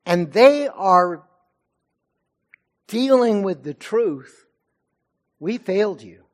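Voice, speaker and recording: Man preaching a sermon, kinda high voice, takes it slow, builds up then goes quiet. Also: expressive. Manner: preaching with rising and falling intensity. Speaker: pastor.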